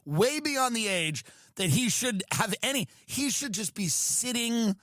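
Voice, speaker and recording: A male podcast host riffing through a profane, animated comedic rant. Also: extremely high pitch, a little slow, no echo, studio quality.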